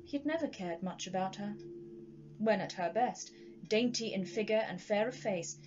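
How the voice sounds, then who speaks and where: A woman from Sheffield narrates a classic ghost story in a measured, dramatic way. Her voice sits in a middling register. The recording is slightly dull, with a faint hiss behind it. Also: medium pitch, animated. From Sheffield, England.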